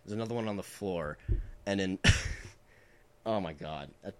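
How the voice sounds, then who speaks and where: A man's voice: sits low, a little slow, fairly bright tone, clean tone. A man in his twenties telling prank stories in a casual chat, rambling with lots of filler words and laughing as he goes.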